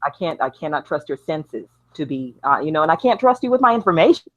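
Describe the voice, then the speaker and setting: Animated woman, dull lo-fi call audio. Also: deep voice, quick pace. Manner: animated, blunt, laughs often. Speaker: show host. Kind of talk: casual online chat show.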